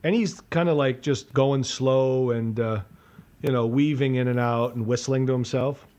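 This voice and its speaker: A man's voice: medium pitch, fairly even intonation, moderate pace, darkish tone. Man telling a rambling profane story. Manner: rambling, profane, laughing at himself. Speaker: podcast co-host. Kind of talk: casual storytelling chat.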